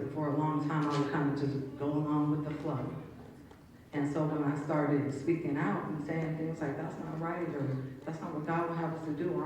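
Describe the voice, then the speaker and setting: A woman's voice: low voice, darkish tone, slight background noise. A woman giving a personal testimony in a church, retelling her story in a conversational, vivid way. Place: church sanctuary. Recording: echoey room, distant mic, audience.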